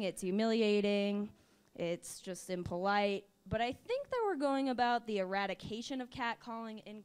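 Slow, deadpan woman doing stand-up. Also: fairly high pitch, smooth. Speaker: stand-up comedian. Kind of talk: stand-up comedy set. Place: comedy stage with a live audience.

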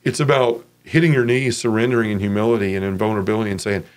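A man giving an earnest, emotional personal testimony as an interview guest, acting out other people's voices as he tells the story. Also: rapid-fire. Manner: animated, acts out others' voices with raised pitch.

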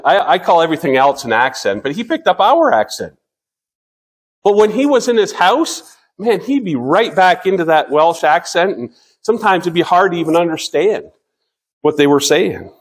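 A man in his fifties delivers a sermon with a notably high-pitched voice. He speaks earnestly, drawing out scripture readings slowly and often stumbling and restarting mid-sentence. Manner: earnest, slows down to read scripture, frequent restarts. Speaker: pastor.

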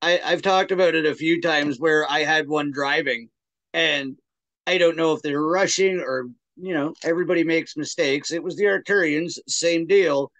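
A man's voice: a little high, normal speed, a bit bright. A man on a podcast, chatting casually and telling his own story in a laid-back, easygoing way. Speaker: podcast guest. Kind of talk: casual chat.

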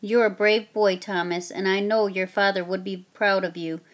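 A woman voicing a gentle, secretive colonial mother who speaks softly and calmly in a children's story reading. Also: medium pitch, moderate pace, lightly acted. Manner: soft, calm, reassuring.

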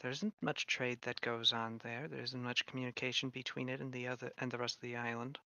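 A male game master narrating a tabletop game with a gravelly, bright edge. His rulings land wry and deadpan. The sound is close and dry, with no room around it. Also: medium pitch, brisk, no room sound, muffled recording.

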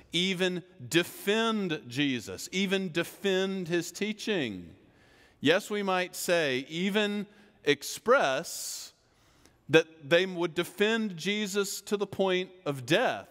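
A man preaching a sermon as pastor, slow and emphatic, building on repeated phrases. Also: on the high side, a bit bright. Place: church sanctuary. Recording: long church reverb.

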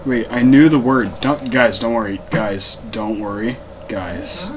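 A man's voice: medium pitch, animated, unhurried. Rambling man playing a video game. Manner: rambling, joking, many restarts. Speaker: let's play host. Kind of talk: casual gameplay commentary. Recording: noisy home recording.

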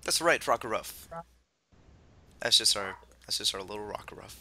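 A man's voice: lowish voice, unhurried. A man playing a game with friends, chatting casually and joking. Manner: jokey, animated. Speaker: let's play player. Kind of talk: casual gaming chat.

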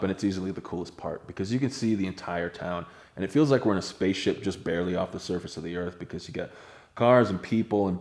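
Deep-voiced fast-talking storyteller guy. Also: a little mellow. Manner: laid-back, profane. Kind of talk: casual storytelling.

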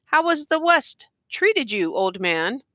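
A woman's voice: sits high, sing-song, slow pace, sharp tone, dry recording, pitched above the performer's own voice, heavily acted. A woman voicing a boastful man from the West, waiting for an old friend, hearty and bragging.

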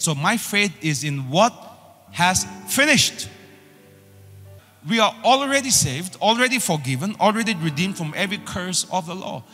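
A man preaching a sermon in a somewhat high, husky voice, hammering his points through repeated phrases. His voice carries a long reverb, as if in a large hall, with faint music underneath. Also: a bit bright. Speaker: pastor.

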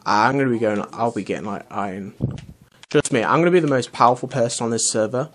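A young man commentates his game in a loose, chatty way. His voice sits at an ordinary middle pitch, and he rambles, restarts and drops in casual swearing. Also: fast, a little hiss or hum. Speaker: let's play host.

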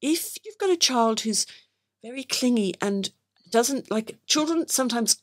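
A middle-aged woman hosts a parenting chat, her pitch swinging up and down as she tells stories. The sound is dry and close, with no room around her. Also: a little slow, dry recording. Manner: animated storytelling, acts out quoted voices. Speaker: podcast host, baby sleep consultant. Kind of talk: casual chat with parenting advice.

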